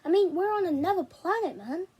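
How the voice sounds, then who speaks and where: A woman's voice: extremely high pitch, expressive, brisk, warm tone, voice pushed up. A woman reading aloud, voicing an easygoing adult man who chats casually. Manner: casual, chatty.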